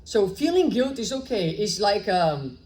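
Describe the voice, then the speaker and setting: A woman's voice: mid-range voice, big pitch swings, a little slow, darkish tone, low-quality recording. A woman giving a public spiritual lecture in a conversational way, often asking rhetorical questions and tagging "right?". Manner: acts out short dialogues in her story.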